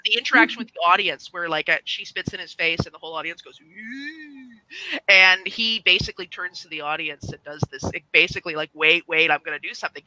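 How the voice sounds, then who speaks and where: A man's voice: high-pitched, fast talker, few pauses, bright, forceful tone, low-quality recording. A man chatting casually on a discussion panel, rambling with digressions and frequent restarts. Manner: rambling, digressive, self-interrupting.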